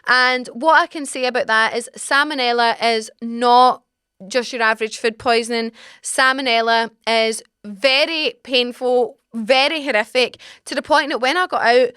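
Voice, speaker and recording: A young Scottish woman in her twenties, hosting a podcast and telling a personal story with animated, dramatic asides. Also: a little high, moderate pace, clean tone, no room sound, clean studio sound. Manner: animated, dramatic retelling with acted-out exclamations. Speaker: podcast host. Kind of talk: casual storytelling chat. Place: small home podcast studio.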